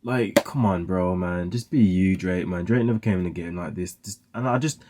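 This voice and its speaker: A man's voice: sits low, moderate pace, background noise. A young man giving casual, rambling commentary on songs he is reacting to, full of "like" fillers. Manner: rambling, heavy use of "like" fillers. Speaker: music reaction host.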